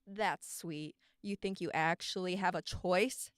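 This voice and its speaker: A woman voicing a cold, possessive young female villain from a teen drama in a voice acting take, calm and condescending. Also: on the low side, a little slow, no room sound, close to an everyday voice.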